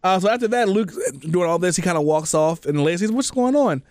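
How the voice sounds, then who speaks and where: A man's voice: high-pitched, lively intonation, fairly quick, a little mellow, no room sound, studio quality. A young man co-hosting a casual chat, retelling scenes plainly with light quips. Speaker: podcast co-host. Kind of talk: casual chat recapping a film.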